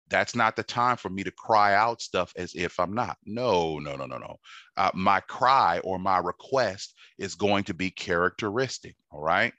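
A man's voice: sits low, pushed and bright, dry recording. A man preaching a sermon in a conversational teaching manner, repeating phrases and checking in with his listeners. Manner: repetitive, conversational teaching with frequent check-ins.

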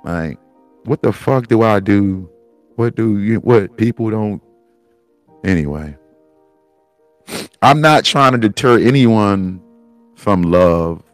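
A man with a low voice talks through tears, swearing and rambling from one thought to the next. Faint music plays behind him as he hosts his own show. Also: animated, takes it slowly, long pauses, no echo. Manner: rambling, profane, tearful and laughing. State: crying. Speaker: podcast host. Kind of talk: emotional personal monologue.

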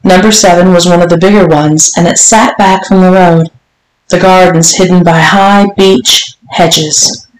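A woman narrating a bedtime-style story in a measured, unhurried read-aloud. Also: fairly low pitch, steady tone. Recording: roomy echo.

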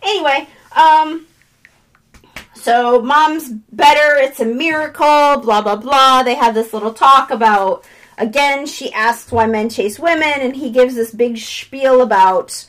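A woman casually recapping a film plot, swearing freely and animated. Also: sits high, a little slow, rough recording. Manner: profane, animated retelling with voiced quotes.

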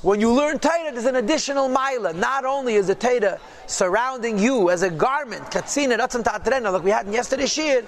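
In a Hasidic text class, a man with a very high voice teaches Torah, reading Hebrew and Aramaic phrases and swiftly translating them into English. He is emphatic and repetitive.

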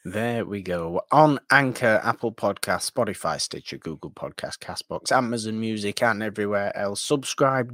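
A man's voice: fairly low pitch, dry recording, studio quality. A man co-hosting a podcast, reading out links and plugs in a casual outro. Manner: reads off plugs and links in a steady list. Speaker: podcast co-host.

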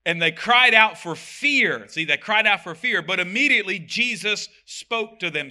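A man preaching a sermon, reading scripture aloud and breaking in with animated, joking comments. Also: high voice, normal speed. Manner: animated, reads verses then comments with jokes.

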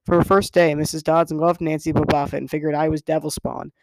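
Gravelly, slightly high male reader. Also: little pitch movement, a little fast, a little mellow, no echo. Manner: casual first-person storytelling, occasional stumbles. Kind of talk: reading a novel aloud as narrator.

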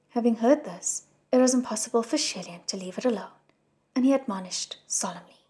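A woman reading a novel aloud as an audiobook narrator, with a soft, hushed delivery. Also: fairly high pitch, normal speed, husky, faint music behind. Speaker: audiobook reader. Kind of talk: scripted narration.

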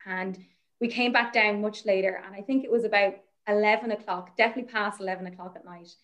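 A woman's voice: medium pitch, fairly even intonation, quick pace, a bit bright. A woman talking as an interview guest, explaining fossil research and then telling a story from her fieldwork in a chatty, enthusiastic way with lots of fillers. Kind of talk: conversational storytelling.

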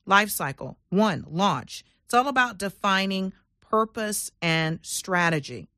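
A woman's voice: medium pitch, animated, slow, bright, forceful tone, no echo, studio quality. A woman hosting a business talk show, speaking emphatically and with energy, using fillers and restarts. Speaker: radio show host.

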